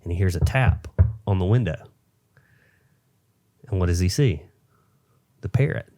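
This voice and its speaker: Deep-voiced man rambling through a joke. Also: a little slow, dark tone, slight background noise. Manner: rambling, filler-heavy storytelling. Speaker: podcast co-host. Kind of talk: casual joke telling.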